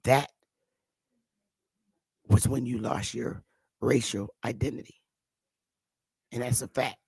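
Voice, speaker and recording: A woman with a Northern US accent giving blunt, animated, casual commentary as host, swearing freely. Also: rumbling low, slow, vocal fry, slightly rough, dry recording. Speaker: channel host.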